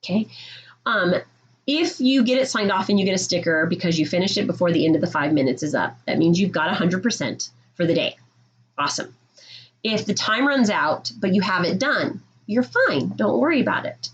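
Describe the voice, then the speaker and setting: A woman's voice: lowish voice, expressive, fairly quick, dull audio. A woman teaching middle school, explaining classroom rules to her students in a firm, direct way and checking in with "okay?".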